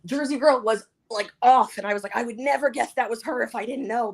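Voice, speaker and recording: A woman's voice: a little high, a little fast. A woman guest on a livestream, telling a story in casual chat, laughing often and acting out what others said. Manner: giggly, animated, acts out quotes.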